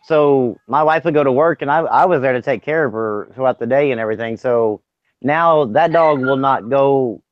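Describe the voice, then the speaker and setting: A man's voice: medium pitch, normal speed, slight background noise. A man chatting casually on a podcast, telling rambling, profane stories. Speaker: podcast co-host. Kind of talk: casual chat. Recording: dry, dull lo-fi sound.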